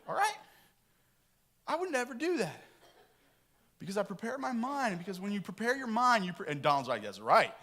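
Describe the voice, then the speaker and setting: A middle-aged man delivers a sermon in a church, joking with his congregation as he goes. His voice sits high and swoops widely in pitch. The tone is bright and forceful. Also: a little fast, long pauses. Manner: animated, joking and talking with the congregation. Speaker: pastor. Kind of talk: lively sermon. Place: church sanctuary.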